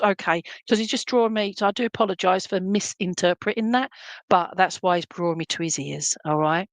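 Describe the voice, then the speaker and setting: A woman's voice: on the low side, no echo. A woman giving a live psychic reading, reassuring and chatty, checking in often with "okay?". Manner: chatty and meandering, many fillers. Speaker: psychic medium.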